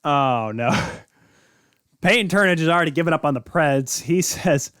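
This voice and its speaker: A man's voice: fairly high pitch, lively intonation, moderate pace, fairly bright tone, no room sound, studio quality. A male podcast host talking casually about hockey, rambling and joking, correcting himself as he goes. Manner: rambling, self-correcting, jokey. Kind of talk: casual sports talk.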